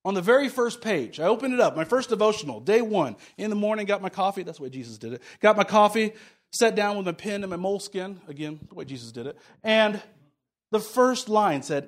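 A man preaching a sermon in a conversational way, repeating key phrases for emphasis and dropping into quiet asides. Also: high-pitched, lively intonation, fast talker. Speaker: pastor.

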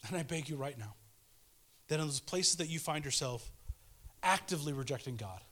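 Male preacher, thirties, pitched a bit high; earnest and pleading, casual devotional delivery. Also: animated, fairly quick. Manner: earnest, pleading, swings between fervent and hushed.

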